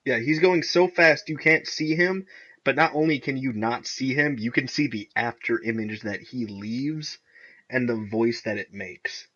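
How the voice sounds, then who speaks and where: A young man co-hosting a podcast in casual chat, excitedly recapping TV episodes and often laughing as he retells scenes. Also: medium pitch, measured pace. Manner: excitable, laughs often, acts out characters' lines. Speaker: podcast co-host. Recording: dull lo-fi recording.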